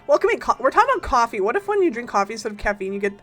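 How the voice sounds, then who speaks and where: An excitable woman livestreams a game, keeping up playful, casual chatter with her viewers, greeting the chat and teasing in quick bursts. Her slightly high voice leaps up and down, with soft music playing underneath.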